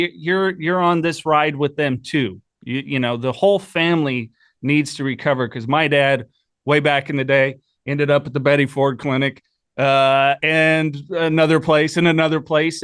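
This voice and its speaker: A man hosting a podcast, asking a question in a hesitant way with many pauses and fillers. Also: a little high, fairly bright tone, clear, resonant tone, no room sound, clean studio sound. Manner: hesitant, many ums and uhs. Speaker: podcast host. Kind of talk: casual interview.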